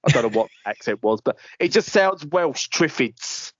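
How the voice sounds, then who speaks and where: A man's voice: on the high side, expressive, unhurried, fairly bright tone, no echo. Man, podcast host, playful, jokey banter, dry dull audio. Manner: playful, jokey, jumps into silly voices. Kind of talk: casual chat.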